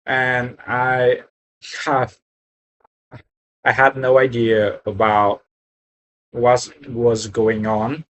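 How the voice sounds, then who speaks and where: Slow, halting man learning English. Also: medium pitch, level tone, fairly bright tone, muffled recording. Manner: halting, searching for words, apologetic. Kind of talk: casual practice conversation.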